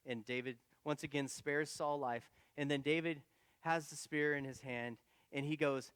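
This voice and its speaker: A male pastor retelling a story in a casual, animated, conversational sermon. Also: on the high side, normal speed, clean tone, dry recording, big-room sound.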